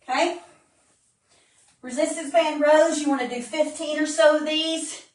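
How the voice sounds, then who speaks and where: A woman's voice: high voice, fairly even intonation, a little slow. A woman fitness instructor demonstrating modified exercises live, out of breath as she coaches and counts reps. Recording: roomy, distant phone-camera sound.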